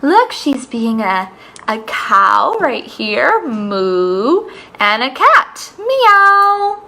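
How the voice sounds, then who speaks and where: High, slow, bright-voiced woman teaching kids yoga. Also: sing-song, gravelly, roomy sound, recorded from a distance, low-quality recording. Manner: bright, playful, sing-song teacher voice with animal sounds. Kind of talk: children's yoga lesson.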